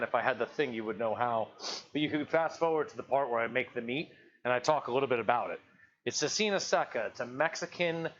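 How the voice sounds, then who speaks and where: Cooking at home on a live stream, a man chats casually with his viewers in a relaxed way and coaxes his dog in a higher, sing-song voice. The lo-fi stream audio sounds slightly dull, with faint noise.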